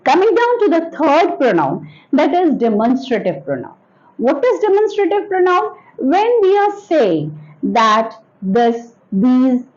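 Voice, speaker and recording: Slow, lively-pitched woman teaching grammar. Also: highs cut off. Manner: slow, deliberate, repeats points and examples; addresses children directly. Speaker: English teacher. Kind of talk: classroom grammar lesson.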